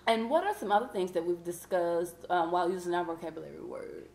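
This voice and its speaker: A woman teacher leading a vocabulary lesson, patient and encouraging, reading clues out slowly. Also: fairly low pitch, a little mellow, reverberant. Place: classroom.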